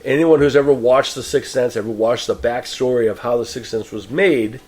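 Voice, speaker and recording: A man's voice: mid-range voice, moderate pace, a little mellow. Opinionated man. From Boston. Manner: opinionated, rambling, frequent restarts. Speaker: podcast host. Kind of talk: film review monologue.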